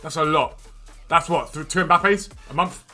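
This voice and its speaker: A man hosting a live game stream, chatting casually and quickly answering viewers' questions from chat. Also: fairly high pitch, pushed and bright, soft background music.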